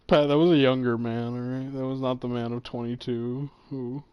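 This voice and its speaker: A young man chatting casually with his partner at a middle pitch. He is laid-back and jokey, swears often, and shrugs off teasing. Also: clean tone, dry recording, lo-fi sound. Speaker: boyfriend chatting on camera. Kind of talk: casual chat.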